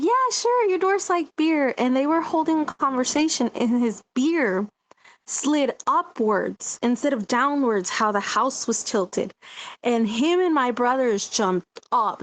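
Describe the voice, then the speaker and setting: A woman from Mexico, an interview guest, telling a story casually, rambling with many fillers. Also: a little high.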